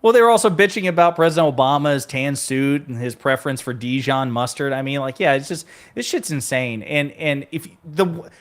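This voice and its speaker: A man hosting casual political talk, animated and profane, speeding up when he gets worked up. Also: medium pitch, a little fast.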